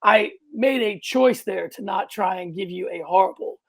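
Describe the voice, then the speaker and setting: A man co-hosting a casual sports podcast, animated and rambling, with loud outbursts and frequent restarts. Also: high-pitched, normal speed, creaky. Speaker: podcast co-host.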